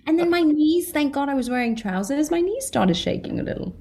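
A young British woman, an actor, chatting in an interview, excitable and self-deprecating, often laughing. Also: high-pitched, a little fast, a little hiss or hum. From Britain. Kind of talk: interview chat.

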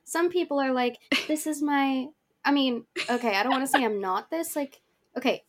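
A young woman co-hosting a podcast in casual chat, chatty and animated, acting out quotes as she talks. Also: sits high, moderate pace. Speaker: podcast co-host.

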